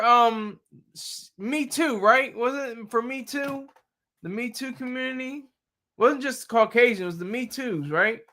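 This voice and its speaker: A man hosting a casual livestream, riffing and joking with lots of laughter. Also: sits high. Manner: laughs often, animated, jokey riffing. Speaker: livestream host.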